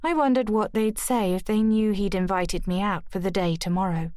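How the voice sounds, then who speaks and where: Steady woman audiobook narrator. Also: medium pitch, moderate pace, few pauses, no room sound, studio quality. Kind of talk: first-person audiobook narration.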